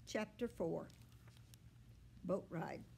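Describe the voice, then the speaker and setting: A woman, a children's librarian, reading a children's book aloud in an expressive, unhurried way. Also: on the low side, creaky, slight background noise.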